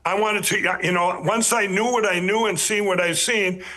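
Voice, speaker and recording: A man's voice: sits high, fairly even intonation, moderate pace, pushed and bright. A man telling his life story as a podcast guest, earnest and emphatic, rambling with many restarts and repeated words. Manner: earnest, emphatic storyteller who addresses listeners directly.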